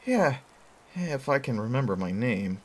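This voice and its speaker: A man voicing a nervous, eager teenage boy who talks in a shy, excitable way. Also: unhurried. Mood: sheepish. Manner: shy, excitable, voice jumping high.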